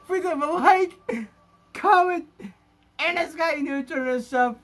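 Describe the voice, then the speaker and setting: Gaming vlogger, male, high voice, slow, gushing and rambling with excitement. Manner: gushing and overexcited, rambling with restarts. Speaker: gaming YouTuber. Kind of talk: excited gaming vlog talk.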